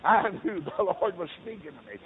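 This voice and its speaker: A middle-aged Baptist preacher, telling stories in a sermon and swinging from low talk to loud shouted peaks. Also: male voice, expressive, normal speed. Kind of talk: storytelling sermon. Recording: tinny lo-fi recording with faint hiss.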